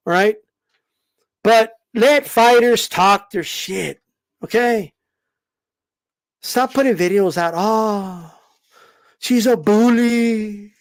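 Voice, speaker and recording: A man, a boxing commentator, ranting heatedly, full of swearing, with emphatic repeated "all right?" checks. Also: very high voice. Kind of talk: heated rant.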